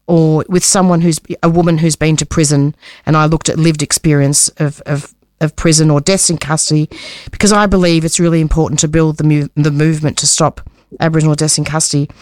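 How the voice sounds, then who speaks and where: A woman from Australia giving a community radio interview, passionate and halting, often repeating words as she searches for them. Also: low voice, level tone, darkish tone, dry recording, clean studio sound. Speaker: community radio producer and guest. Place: Melbourne community radio studio.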